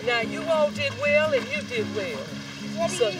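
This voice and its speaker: A woman's voice: very high-pitched, wildly swooping pitch, slow pace. A woman in her seventies with a Southern US accent, coaching children at tennis on an outdoor court with genteel endearments. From Eastern North Carolina. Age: 70s. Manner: genteel, sprinkles endearments like sugar and darling. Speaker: manners camp teacher. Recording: distant voice under loud music.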